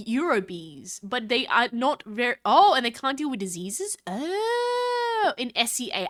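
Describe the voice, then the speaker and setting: A woman's voice: on the high side, bright, forceful tone. A woman chatting casually on a live stream, reading chat aloud and thanking viewers in a bubbly, scattered way.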